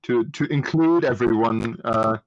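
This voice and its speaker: A man joining a casual online chat as a guest, speaking in a halting, hesitant way. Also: mid-range voice, dry recording, lo-fi sound. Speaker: call guest.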